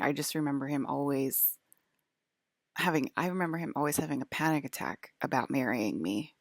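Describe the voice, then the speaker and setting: A woman's voice: a bass voice, fairly quick, no room sound, clean studio sound. A woman vlogger talking in a casual, rambling monologue, hesitant and full of fillers.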